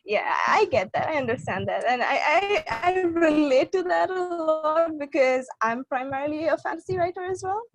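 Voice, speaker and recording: A young woman hosting a book interview, talking eagerly like an excited fan and laughing between lines. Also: high-pitched, normal speed, few pauses, low-quality recording. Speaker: interviewer, booktube host. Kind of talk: casual interview chat.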